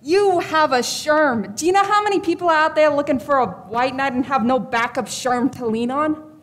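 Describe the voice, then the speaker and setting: Gal acting as a high-voiced brassy fortune teller lady, blunt, wisecracking, echoey stage w long reverb. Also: moderate pace, lightly acted. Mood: incredulous.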